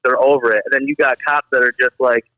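A young man from the Detroit area talks in a casual podcast chat, his voice bright and forceful as he tells animated stories full of filler. The audio is dry and slightly dull, like a lo-fi home setup. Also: mid-range voice, fast talker, clean tone, no room sound. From Detroit area, Michigan. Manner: animated storytelling, heavy filler words. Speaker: guest.

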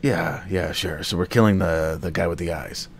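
Very deep-voiced man at a game table. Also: normal speed, slightly rough. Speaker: player.

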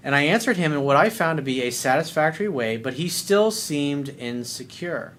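A man's voice: a little high, expressive, normal speed, fairly bright tone. A man hosting a dating advice video, talking bluntly and sarcastically, with casual swearing. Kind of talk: casual advice monologue reading viewer letter.

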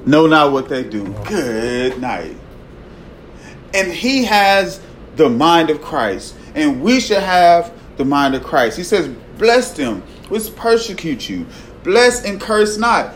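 A man delivers a sermon in a fairly high voice. He talks to his listeners conversationally and keeps checking in with "right?" His delivery swings from loud, pressing emphasis to near-hushed moments. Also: slight background noise, low-quality recording. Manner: conversational, tags lines with "right?". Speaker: preacher.

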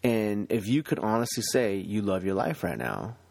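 A man's voice: moderate pace, creaky, dry recording. A man hosting a motivational podcast, talking energetically with laughs. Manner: energetic, laughing, swinging pitch. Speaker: podcast host.

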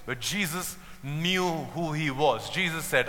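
A man preaching a sermon, emphatic and lively, acting out the people he quotes with humor. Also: a little high, measured pace, few pauses, big-room sound.

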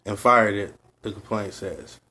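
A man, co-hosting a casual podcast, reading a news story aloud in a laid-back, low-key way. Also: measured pace, bright, forceful tone, husky. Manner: laid-back, low-key delivery, calls himself high all the time. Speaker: podcast co-host.

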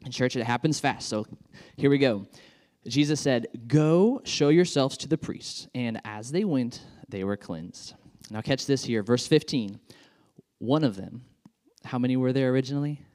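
A male pastor preaching with warm enthusiasm, chatty and informal, dotting his talk with ums and uhs. His voice sits at an ordinary middle pitch. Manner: enthusiastic, conversational with many fillers. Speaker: children's pastor. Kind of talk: sermon.

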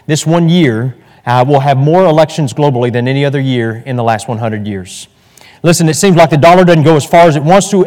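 A man's voice: a little high, a little mellow. A male pastor teaching an evening church lesson in a folksy, chatty way, full of fillers and restarts. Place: church hall. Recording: echoey hall.

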